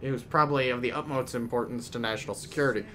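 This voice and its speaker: A man's voice: medium pitch, rapid-fire, sharp tone. A man streaming a video game, chatting casually and rambling off-topic, often trailing off mid-sentence. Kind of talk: casual gameplay commentary.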